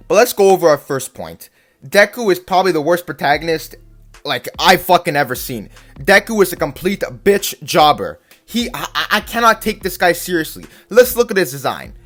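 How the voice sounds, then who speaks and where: Heated, swearing man ranting, animated. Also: sits high, normal speed, soft background music. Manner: profane, heated, stammering. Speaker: anime commentator. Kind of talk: profane ranting commentary.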